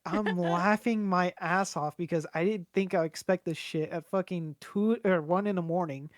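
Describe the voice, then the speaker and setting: A man's voice: high voice, fairly even intonation, normal speed, dry recording, studio quality. A young man co-hosting a podcast, telling a rambling, swear-filled story with lots of fillers. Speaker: podcast co-host. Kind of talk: casual chat.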